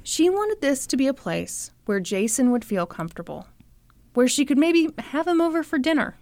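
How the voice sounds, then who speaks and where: A young woman narrating a true crime story for her podcast co-host, animated and chatty. Her voice sits fairly high, and the sound is very dry and close, with no room around it. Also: normal speed, no echo. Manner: animated storyteller with frequent "like" and "you know". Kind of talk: casual storytelling chat.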